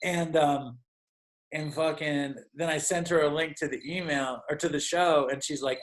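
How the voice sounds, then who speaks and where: A man's voice: fairly high pitch, fairly even intonation, moderate pace. A man telling stories as a podcast guest, rambling and profane and full of "like". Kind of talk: casual storytelling.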